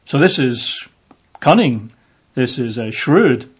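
A man teaching from the Bible in a relaxed, conversational way, with lots of fillers, sometimes acting out the voices in the passage. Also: medium pitch, slow, slightly rough. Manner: conversational, with many fillers, acts out voices in the reading. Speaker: preacher. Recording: dull lo-fi audio.

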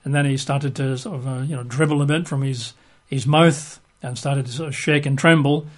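A man's voice: medium pitch, steady tone, moderate pace. A middle-aged man teaching from the Bible in a chatty, hesitant way, full of fillers. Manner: chatty and hesitant, many fillers and 'sort of'. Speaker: preacher.

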